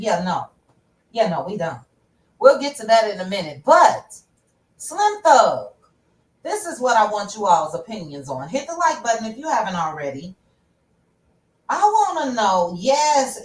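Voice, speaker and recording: A woman's voice: medium pitch, reverberant, far from the mic, low-quality recording. A woman hosting a casual livestream, chatting directly with her viewers about pop culture news. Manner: chatty, talks straight to viewers. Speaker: host.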